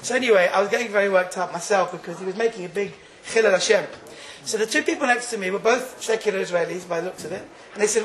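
A man giving an informal Torah class, telling stories in an animated way and laughing often. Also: sits high, quick pace, echoey room, rough recording. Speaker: Torah teacher.

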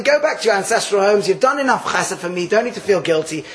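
A man with a high voice teaches a Torah class, lively and full of restarts. He acts out the people in the verses he teaches. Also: quick pace, few pauses, low-quality recording. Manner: lively, acts out quotes, Hebrew terms mixed in, restarts.

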